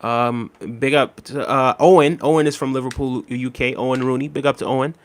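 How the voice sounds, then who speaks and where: A young adult man streaming live, reading viewer chat with an easygoing manner, many ums and friendly shout-outs. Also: mid-range voice, fairly even intonation, brisk, slight background noise.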